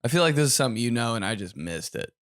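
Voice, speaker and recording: A man co-hosting a casual podcast as a stand-up comedian, laid-back and joking, often trailing into a low mumble. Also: animated, rapid-fire, fairly bright tone, no room sound, clean studio sound. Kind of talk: casual chat.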